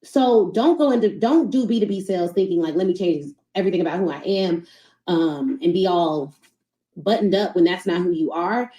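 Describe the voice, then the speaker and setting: Animated woman coaching on a live stream. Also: fairly low pitch, moderate pace, roomy sound, rough recording. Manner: animated, conversational, addresses audience as y'all. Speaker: podcast host and sales coach.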